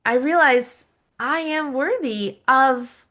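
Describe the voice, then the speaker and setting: A woman's voice: high voice, slow, a bit bright. A middle-aged woman, a lifestyle coach and podcast guest, telling her personal story candidly, with frequent laughs and self-deprecating asides.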